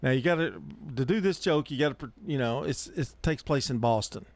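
A man's voice: mid-range voice, fairly quick, no echo. A man hosting a morning radio show, bantering casually and chuckling through a joke.

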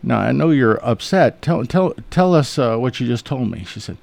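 A man's voice: mid-range voice, moderate pace, vocal fry, darkish tone, no room sound. A man, an eye surgeon guest in a radio studio, telling funny patient stories in a folksy, chuckling way. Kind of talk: relaxed anecdotal storytelling.

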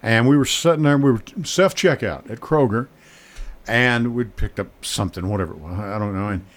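A man's voice: on the low side, brisk. A man hosting a radio talk show, telling rambling stories with many restarts and fillers. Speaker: radio host. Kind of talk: casual radio chat.

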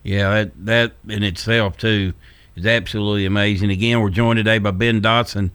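A man hosting a sports radio show, asking calm, conversational questions. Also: on the low side, normal speed, clear, resonant tone, dry recording. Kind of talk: radio interview.

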